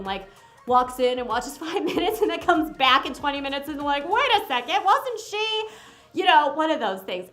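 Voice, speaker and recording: A woman talks through a movie review in a casual, animated way, speaking directly to her audience. Her voice sits high, and her tone is bright. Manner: animated and exclamatory, breaks into quick impressions; chatty, addresses viewers directly.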